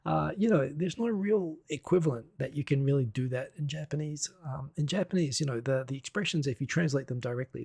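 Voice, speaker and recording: A man's voice: medium pitch, creaky, darkish tone, breathy edge, no room sound, clean studio sound. A man hosting a live stream, rambling through news in a chatty way with frequent fillers, restarts and laughs. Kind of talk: casual news commentary.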